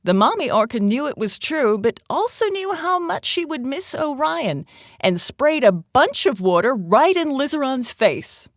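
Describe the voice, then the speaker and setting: A woman reading a children's story aloud in an animated storytelling voice. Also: high voice, measured pace, no echo, clean studio sound. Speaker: storybook reader.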